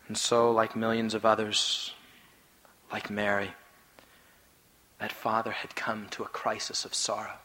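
Forceful preacher in an echoing hall. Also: male voice, completely flat delivery, unhurried, pauses often, slight background noise. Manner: swings from loud emphatic peaks to hushed low phrases. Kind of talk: sermon.

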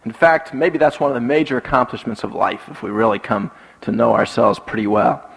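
A pastor giving a sermon, telling personal stories and repeating key lines for emphasis. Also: male voice, medium pitch, a little fast, vocal fry, a bit bright, breathy edge. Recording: long reverb from a large hall.

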